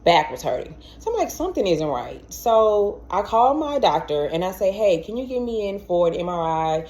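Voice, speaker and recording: A young adult woman telling a personal story to camera in a casual, animated way, acting out what others said and stumbling over repeated words. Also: medium pitch, normal speed. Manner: animated, acts out quoted voices, stammers and repeats words.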